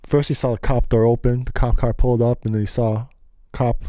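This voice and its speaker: Male storyteller, casual and animated, mellow tone, slips into other people's voices as he goes. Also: mid-range voice, brisk, dry recording, studio quality. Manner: animated, acts out quoted voices, laughs often. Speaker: storyteller vlogger.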